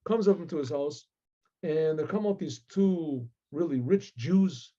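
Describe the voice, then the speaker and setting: Rabbi guy telling a story, kinda high and mellow, acts out all the characters, muffled recording. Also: a little slow. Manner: animated, acts out the voices of the characters.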